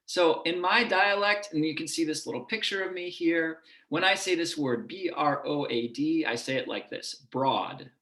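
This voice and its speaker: Lecturer, male, lower Midwest accent, slightly high voice, explanatory delivery, echoey room. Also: moderate pace, few pauses, pushed and bright. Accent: lower Midwest American. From United States. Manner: explanatory, demonstrating vowel sounds. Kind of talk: online lecture.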